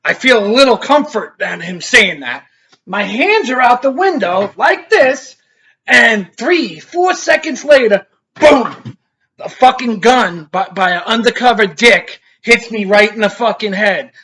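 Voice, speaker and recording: This middle-aged man speaks in a high voice at a measured pace as he rambles through a story for his vlog. His telling is casual, animated, and full of profanity.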